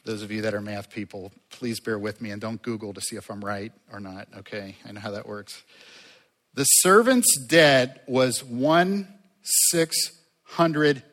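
A man preaching a sermon as a pastor, conversational and lively, with asides to the congregation. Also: on the low side, in a large hall.

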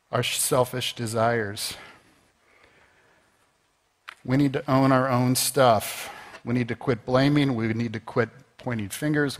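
A man's voice: mid-range voice, fairly bright tone. A man preaching a conversational sermon as pastor, rising to emphatic peaks. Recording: long reverb of a large hall.

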